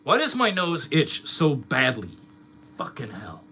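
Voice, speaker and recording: A man's voice: mid-range voice, wildly swooping pitch, a little slow, sharp tone, a little hiss or hum. A young man streamer ranting in casual chat, swearing a lot and mocking his critics.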